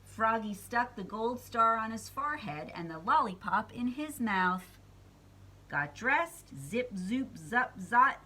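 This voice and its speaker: A woman reading a children's picture book aloud, expressive and playful, chatting to young listeners between pages. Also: a little high, poor audio. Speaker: storyteller. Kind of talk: storybook read-aloud.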